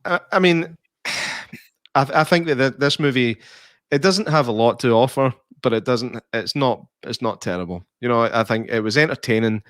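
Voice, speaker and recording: A man's voice: mid-range voice, normal speed, fairly bright tone, no room sound, clean studio sound. A man co-hosting a casual podcast, joking and laughing easily as he reviews a film. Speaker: podcast co-host. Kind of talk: casual movie review chat.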